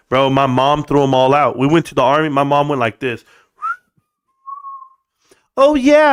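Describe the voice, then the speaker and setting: A middle-aged man hosting a casual livestream, joking, laughing and swearing, then settling into a quieter tone to tell personal stories. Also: fairly high pitch. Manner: goofy, laughing, swearing, bursts of put-on voices. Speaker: livestream host.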